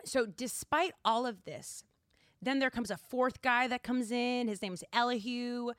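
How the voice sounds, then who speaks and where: A woman's voice: a little high, a little slow, fairly bright tone, dry recording, clean studio sound. A young woman hosting a podcast, chatty and giggly, filling her talk with "like". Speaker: podcast host. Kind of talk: casual chat.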